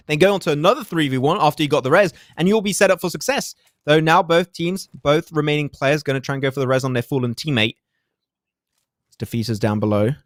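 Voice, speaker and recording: A man from France casting a live mobile esports match, with animated play-by-play and joking banter. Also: on the high side, no room sound. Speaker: esports caster.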